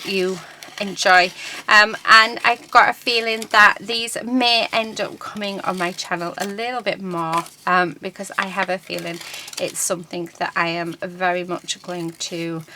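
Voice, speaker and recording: A woman's voice: on the low side, bright, forceful tone, slight background noise, low-quality recording. A middle-aged woman chats casually while she crafts at her desk at home. She rambles and fills her talk with ums. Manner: chatty, rambling, many ums. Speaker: crafting channel host.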